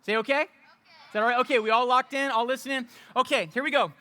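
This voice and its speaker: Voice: medium pitch, steady tone, fast talker, sharp tone. A youth pastor giving an interactive youth group talk, playful and upbeat as they coach volunteers.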